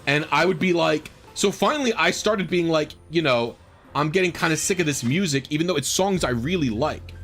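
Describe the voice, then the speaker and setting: A man's voice: fairly high pitch, a little fast, a bit bright, soft background music. A man streaming a game, rambling casually through a story with lots of fillers and exasperated asides. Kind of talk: casual storytelling while gaming.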